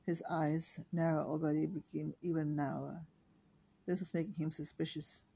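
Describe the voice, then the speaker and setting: Older Irish-born woman reading, gravelly and flat. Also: low-pitched. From Ireland. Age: 60s. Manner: halting, self-correcting reading. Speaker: storyteller reading her own novel. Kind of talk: slow unpolished reading aloud.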